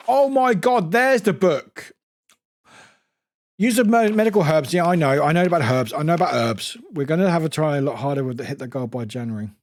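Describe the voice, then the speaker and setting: A man streaming a game from home, his voice swinging widely in pitch as he gets excited. He swears freely and keeps chatting back to viewers between moves. The sound is dry and close, with no room echo. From United Kingdom. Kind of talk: casual live game-stream chat.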